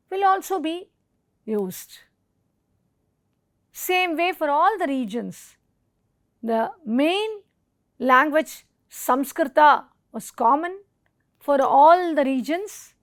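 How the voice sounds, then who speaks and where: A woman from India delivers a recorded lecture at a slow, careful pace. Her voice sits high, and she recites Sanskrit verses and lists technical terms deliberately. The sound is dry and close. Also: a bit bright, no room sound. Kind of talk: educational lecture.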